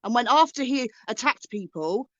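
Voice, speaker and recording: A woman's voice: a little high, lively intonation, moderate pace, no room sound. A woman guest on a livestream, insistent and accusing as she argues her side. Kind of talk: heated livestream argument. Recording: dry muffled lo-fi stream audio.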